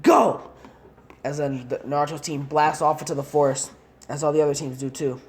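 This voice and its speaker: A woman's voice: low-pitched, level tone, quick pace, darkish tone. A woman casually narrating a fan-made story in long, rambling run-on sentences.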